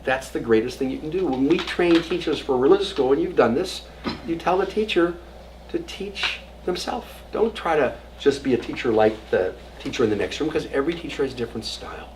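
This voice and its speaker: In an informal adult education lecture, a rabbi with a brisk, expressive voice on the high side tells stories and jokes, acting out quotes and occasionally whispering. The recording comes from a distant mic, with room noise audible.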